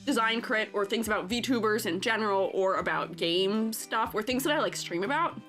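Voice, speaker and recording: A woman's voice: mid-range voice, normal speed, fairly bright tone, soft background music. A woman streaming and chatting casually, rambling with lots of fillers and frequent giggles. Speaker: streamer and art teacher. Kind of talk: casual live-stream chat.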